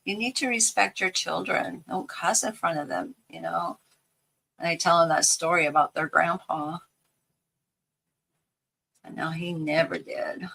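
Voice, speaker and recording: An older woman talks through a family story while she works on a craft project at home, rambling and laughing now and then. Her voice is bright and a little low, and she takes her time, speaking slowly. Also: gravelly, poor audio. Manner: rambling, chatty, quick to laugh. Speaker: craft vlogger.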